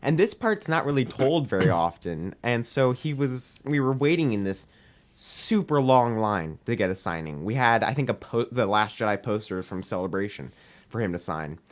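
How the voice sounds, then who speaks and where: In a lowish, expressive voice at normal speed, a teenage podcast guest rambles through a long story, playing out the dialogue. His casual chatter is packed with "we're like" and "um."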